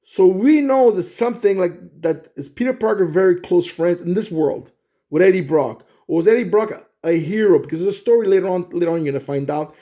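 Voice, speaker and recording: A man casually pitching a movie plot, rambling with restarts and frequent "okay?" check-ins. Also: brisk, warm tone. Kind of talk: casual storytelling monologue.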